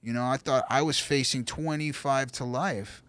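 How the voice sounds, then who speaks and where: A man being interviewed as a guest artist, talking earnestly and rambling with halting restarts. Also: mid-range voice, steady tone, a bit bright, clear, resonant tone. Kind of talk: casual interview talk.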